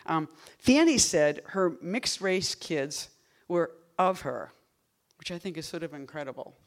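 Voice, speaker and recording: A woman's voice: deep voice, measured pace. Rambling, wry woman poet at a reading. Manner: rambling, self-interrupting, wry; lively and playful, shifting between loud bursts and murmurs. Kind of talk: casual talk between poems at a live reading.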